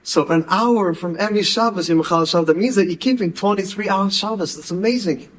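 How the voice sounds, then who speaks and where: A man voicing a gentle, wise old rabbi who asks mild questions. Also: sits high, fairly quick. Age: older.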